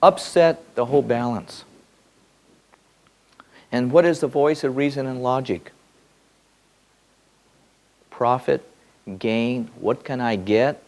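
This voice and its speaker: A man giving a spiritual teaching in a loose, repeating way, swinging between soft musing and sudden excited bursts. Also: mid-range voice, takes it slowly, long pauses. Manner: repeats words and restarts often. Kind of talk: spoken teaching to a group.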